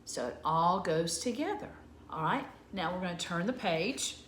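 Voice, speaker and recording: A woman teacher sounding out letters slowly and patiently for young children in an early reading lesson. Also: lowish voice, expressive, reverberant, a little hiss or hum.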